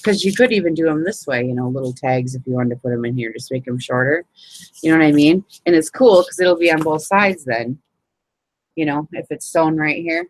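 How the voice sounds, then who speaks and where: Talking a little fast in a low voice, this crafting group host runs a relaxed live session, showing paper folds and saying hello to viewers. She's chatty and keeps dropping "you know what I mean," though the audio is poor.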